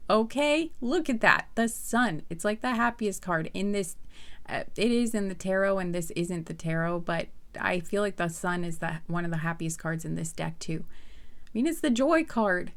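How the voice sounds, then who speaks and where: A woman's voice: lowish voice, normal speed. A woman giving a casual pick-a-card tarot reading to her viewers, chatty and earnest, with many fillers and restarts.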